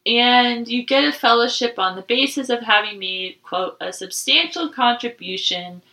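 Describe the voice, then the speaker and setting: A woman with a slightly high, expressive and sharp voice co-hosts a casual podcast, speaking at a moderate pace on a rough recording. Giggly and laughing often, she reads trivia questions aloud from her notes.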